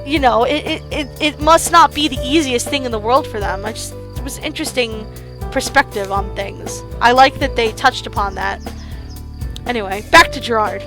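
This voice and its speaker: A woman's voice: a little high, unhurried, music in the background. A woman streamer reading a visual novel aloud and reacting with gasps and laughs. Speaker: let's play streamer.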